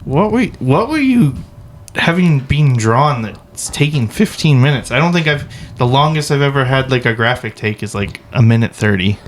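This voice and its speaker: A man co-hosting a comedy podcast, trading teasing jokes in casual chat. His voice sits at a middle pitch. A faint noise runs behind him. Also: animated, normal speed. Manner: teasing, joking. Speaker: podcast co-host.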